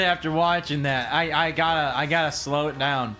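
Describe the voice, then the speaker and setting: A man casually commentating his gameplay, excitable and rambling, repeating himself and laughing often. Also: fairly high pitch, normal speed, few pauses, faint music behind. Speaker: streamer.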